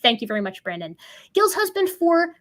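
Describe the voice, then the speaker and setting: A woman hosting a livestream, reading out donations in casual, playful chat with quick chuckling asides. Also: extremely high pitch, sing-song, a bit bright. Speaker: livestream host.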